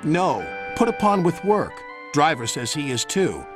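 A man's voice: fairly high pitch, sing-song, a little slow, voice pushed up. A man voicing a small, grumpy male tank engine who complains he is put upon, with music behind.

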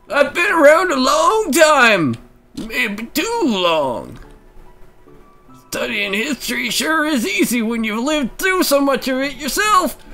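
A woman putting on a strained, croaky old turtle shopkeeper. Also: sits high, big pitch swings, slow pace, pauses often, a bit bright, soft background music, pitched above the performer's own voice, exaggerated voice. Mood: grumbling. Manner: rambling, grumbling about youngsters. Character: creaky old male turtle shopkeeper, rambling.

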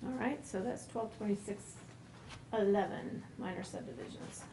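A woman on planning staff explaining code amendments at a public meeting, methodical, pausing and restarting as she goes. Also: medium pitch, vocal fry, background noise. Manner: methodical, with frequent pauses and restarts. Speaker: planning staff member presenting to a commission. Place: meeting room.

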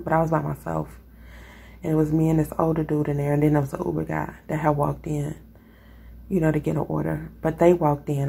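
A woman from Chicago with a Chicago accent and a raspy voice, talking casually and rambling to her viewers. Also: deep voice, warm tone, slight background noise. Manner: rambling, conversational, lots of fillers. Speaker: vlogger. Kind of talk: casual talk to camera.

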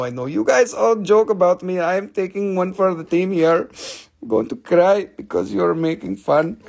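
A man's voice: high-pitched, creaky, a little mellow. A man hosting a live stream selling stones, joking and teasing his viewers as he calls out prices, with slightly broken phrasing. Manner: joking, teasing banter while calling prices. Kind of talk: live sales stream chat.

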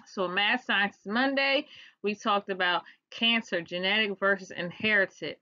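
Bright-voiced woman with a DC twang. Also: medium pitch, unhurried. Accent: Washington DC. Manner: chatty, slangy, playful teacher. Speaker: science vlogger teaching class. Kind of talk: casual video lecture. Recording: dull lo-fi recording.

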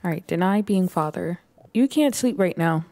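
A woman giving excitable, chatty let's play commentary as she plays a life-simulation game, narrating each move. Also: lowish voice, normal speed, faint music behind. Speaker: gaming YouTuber.

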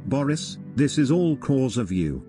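A man's voice: mid-range voice, very animated, unhurried, dark tone, soft background music. A man voicing a fussy cartoon party organizer who greets guests and explains the rules. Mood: annoyed.

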